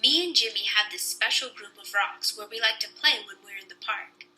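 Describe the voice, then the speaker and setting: A young woman reading a children's book aloud with lively storytelling. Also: mid-range voice, a little fast, a little hiss or hum, low-quality recording.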